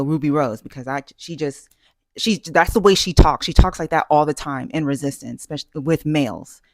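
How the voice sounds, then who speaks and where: A woman's voice: low voice, no room sound, clean studio sound. Self-assured woman giving chatty advice. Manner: chatty and self-assured, emphatic, full of fillers and restarts. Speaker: vlogger giving dating advice. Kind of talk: casual talking-head advice.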